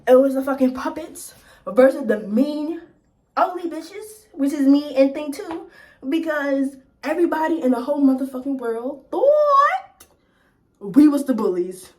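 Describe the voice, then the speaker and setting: A woman vlogger telling a workplace story in a blunt, profane, animated way. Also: high-pitched, measured pace. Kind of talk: casual storytime.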